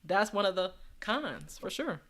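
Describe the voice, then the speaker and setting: A woman's voice: mid-range voice, sing-song, a little slow, fairly bright tone. A woman hosting a live stream, chatting casually and calling on her audience as y'all. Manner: chatty, addresses chat as y'all. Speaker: host.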